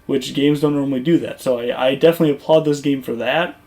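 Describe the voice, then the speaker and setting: A gaming YouTuber talking casually over gameplay footage, rambling and conversational with lots of fillers and restarts. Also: male voice, medium pitch, steady tone, fast talker, a little mellow.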